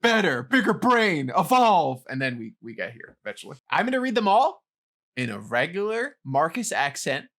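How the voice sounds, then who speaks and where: A man's voice: medium pitch, big pitch swings, brisk, a bit bright. A young man co-hosting a podcast and running a trivia game, amiable and laughing easily. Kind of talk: casual podcast chat.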